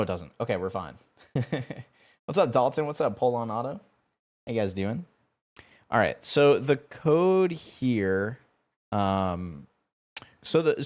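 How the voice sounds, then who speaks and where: A young man talking casually on a live stream, rambling and stumbling over his words. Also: lowish voice. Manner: rambling, stumbling, laughing often.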